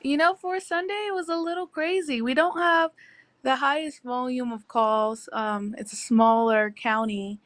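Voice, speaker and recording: A young woman, a sheriff's deputy, answering interview questions in a relaxed, chatty way over a video call. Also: high-pitched, measured pace, no echo.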